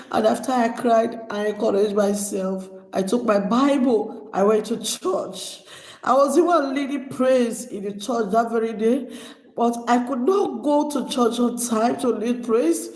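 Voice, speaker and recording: A woman's voice: fairly high pitch, unhurried, a little mellow. A middle-aged woman telling her own life story in an emotional monologue, close to tears at times. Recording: echoey room with long reverb.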